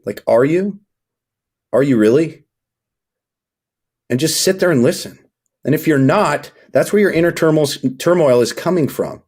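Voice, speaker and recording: A man's voice: on the high side, animated, normal speed, pauses often, a little mellow, husky. A young man coaching fathers as a podcast guest, talking emphatically and preachily. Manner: emphatic, preachy, acts out scenes. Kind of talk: motivational interview talk.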